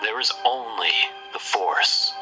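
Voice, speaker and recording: Calm mystic sage, very low and unhurried, film clip. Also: male voice. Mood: solemn. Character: solemn male sage of the Force, serene. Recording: clip with loud music under it.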